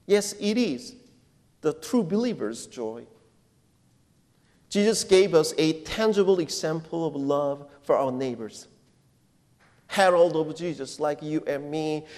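A male pastor giving a sermon in non-native English phrasing, preaching deliberately and emphatically and putting questions to his congregation. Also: fairly high pitch, animated, darkish tone. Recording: long reverb of a church hall.

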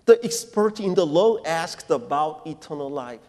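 A male pastor giving a sermon in non-native English phrasing, preaching deliberately and emphatically and putting questions to his congregation. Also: fairly high pitch, animated, darkish tone. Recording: long reverb of a church hall.

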